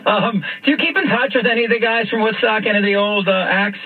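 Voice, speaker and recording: A man's voice: sits high, fast. A male radio host interviewing a guest, chatty and stumbling, often repeating his words. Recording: phone-like radio broadcast.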